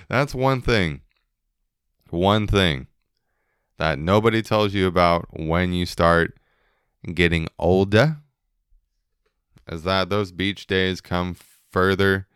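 Laid-back deep-voiced man hosting a podcast. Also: a little slow, long pauses, a bit bright, smooth, no echo, clean studio sound. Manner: laid-back, joking, swearing, laughing often. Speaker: podcast host. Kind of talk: casual solo podcast chat.

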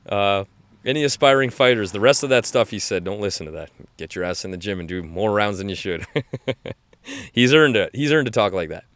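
The recording is dry, with clean studio sound, as a man in his 40s hosts a casual fight-recap podcast. His fairly low, fairly bright voice has lively intonation and moves a little fast, and his enthusiastic, rambling chat is full of restarts.

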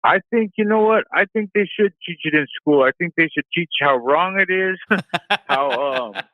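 A man's voice: high voice, moderate pace, no echo. A man calling in to a talk show, rambling with many ums and you-knows. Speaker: caller. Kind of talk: phone call-in rant. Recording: phone line.

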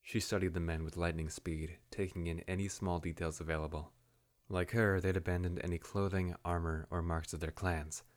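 Very deep-voiced male storyteller. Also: level tone, moderate pace. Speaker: narrator. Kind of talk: fantasy audiobook narration.

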